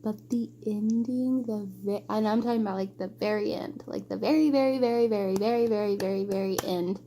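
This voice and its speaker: A woman's voice: mid-range voice, brisk, mellow, slight background noise. A young woman chatting casually about books she read, gushing and emotional with lots of rambling asides. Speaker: book vlogger. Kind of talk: casual book wrap-up chat.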